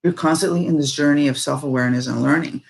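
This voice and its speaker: A woman speaking casually and reflectively on personal growth, animated and rambling, full of fillers. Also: sits low, fast talker, creaky.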